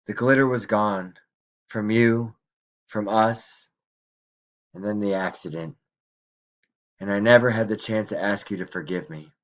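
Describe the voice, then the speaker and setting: A frail, dreamy old grandmother speaks, as a male reader puts her on in a low, soft voice. She drifts through memories with quiet regret and pleading in a storybook reading. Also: unhurried, long pauses, lightly acted. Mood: regretful. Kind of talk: audiobook reading.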